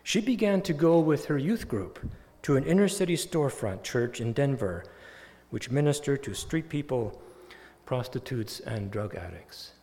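A man's voice: medium pitch, normal speed. A man preaching a sermon, telling a story with rising, emphatic peaks. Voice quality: animated, building to loud emphatic peaks. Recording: long hall reverb.

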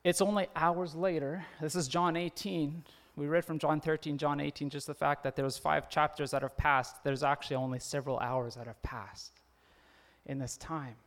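A man's voice: on the high side, level tone, normal speed, fairly bright tone. A man preaching a sermon in a conversational way, often laughing and acting out the quoted lines. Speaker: pastor.

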